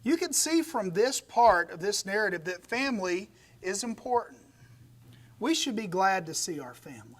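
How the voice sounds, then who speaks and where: A man's voice: high voice, big pitch swings, normal speed. A man preaching a conversational sermon, retelling a story with animation and folksy humorous asides. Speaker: pastor.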